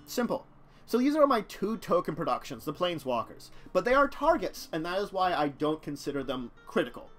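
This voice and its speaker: A man's voice: high voice, very animated, brisk, a bit bright, soft background music. A man casually commenting on a live stream about a card-game deck, rambling and talking to his chat. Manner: rambling, chatty, talks to chat, chuckles.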